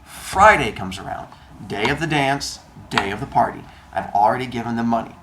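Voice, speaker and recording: A man telling a comedic personal story, animated and acting out the dialogue. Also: medium pitch, noisy background. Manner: animated, acts out dialogue with quick voice changes.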